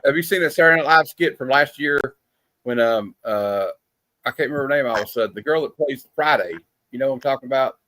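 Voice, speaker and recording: A man's voice: medium pitch, quick pace, pushed and bright. A man in a casual comic club chat on a video call, chatty and acting out lines as he retells a comedy sketch. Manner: chatty, acts out quoted lines.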